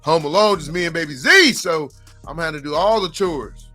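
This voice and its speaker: Excitable sports-talk host, man, high bright voice, rambling, faint music under. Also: fairly quick. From Oklahoma, US. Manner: animated, rambling, calls co-host Coach. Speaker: podcast host.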